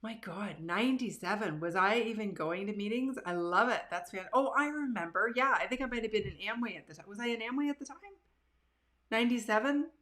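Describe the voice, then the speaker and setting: A woman, hosting a live show from her living room and telling stories about herself in a casual, animated, self-deprecating way. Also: mid-range voice, quick pace, few pauses. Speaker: livestream show host. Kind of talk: casual storytelling to live viewers.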